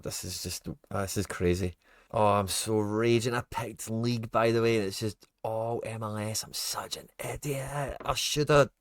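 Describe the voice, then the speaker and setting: A young man in casual stream commentary who gets excitable, groans, scolds himself and chats to his viewers. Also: on the low side, no room sound, clean studio sound.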